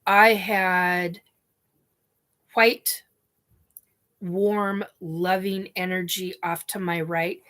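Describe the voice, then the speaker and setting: Woman vlogger crying thru her story, slow and halting, lots of restarts and sniffles. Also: on the low side, little pitch movement, a bit bright. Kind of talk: emotional personal storytelling. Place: her living room, TV on.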